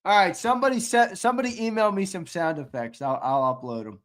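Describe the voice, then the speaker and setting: A man's voice: high voice, a little fast, a bit bright. Playful, laughing live-stream host man. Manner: laughing, playful, reads chat aloud. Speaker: podcast host. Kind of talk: casual live-stream banter.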